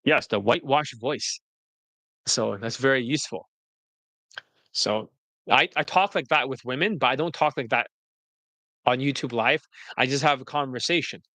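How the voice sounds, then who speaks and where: Bright, direct male dating coach. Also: medium pitch, moderate pace, pauses often, no echo. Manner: blunt, direct, switches into a polished marketer voice. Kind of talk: livestream talk mixing sales pitch and casual chat.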